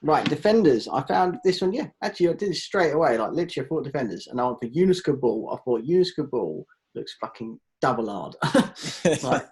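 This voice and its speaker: A man's voice: on the high side, animated, fairly quick, a little mellow, rough recording. A man hosting a casual football chat with friends, joking and laughing often. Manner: laid-back banter, laughs often. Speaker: podcast host.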